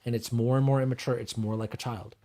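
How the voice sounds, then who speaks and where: A man's voice: mid-range voice, quick pace. Male podcast host, casual and profane, acts out quotes in bursts. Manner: animated, swearing, acts out quoted voices.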